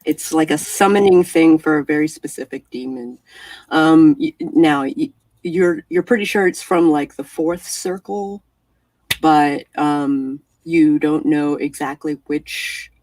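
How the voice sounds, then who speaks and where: A woman acting as storyteller for a tabletop role-playing game, talking in a relaxed, hesitant way with many fillers. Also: deep voice, measured pace, dry recording, far from the mic.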